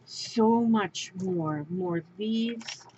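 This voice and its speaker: A woman crafter talks slowly through an unboxing, gushing and exclaiming and often saying things twice. Her voice sits at an ordinary pitch. It comes through a dull, lo-fi home recording with a faint hiss underneath. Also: darkish tone. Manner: gushing, exclaims and repeats herself. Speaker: crafting vlogger. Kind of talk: unboxing show-and-tell.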